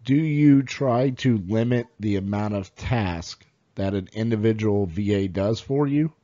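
A man's voice: fairly low pitch, measured pace, warm tone. A man hosting a podcast interview, asking questions and telling stories in an easygoing way. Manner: easygoing storyteller. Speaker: podcast host. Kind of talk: casual interview talk. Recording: dull lo-fi audio.

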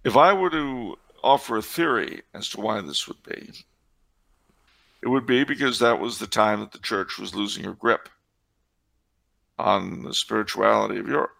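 A man with a deep-set, gravelly voice that is bright and forceful at once. He talks through church history in a casual way, wandering off into sardonic asides. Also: moderate pace. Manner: wry, digressive, sardonic asides. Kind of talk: casual discussion with digressions.

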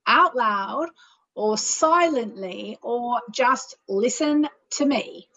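With a fairly high, sharp-toned voice, a woman hosting a call-in show speaks animatedly and draws out her words. She is an astrologer who leads a meditation and chants and chats soothingly with callers, captured in lo-fi sound on a plain mic with no reverb.

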